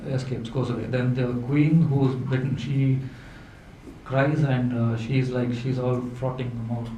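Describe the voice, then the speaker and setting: A man, telling folk tales to a live audience in a halting way, with many fillers and restarts. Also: mid-range voice, flat delivery, dark tone. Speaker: storyteller. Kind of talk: live folklore storytelling. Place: event hall indoors. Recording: echoey room with faint hum.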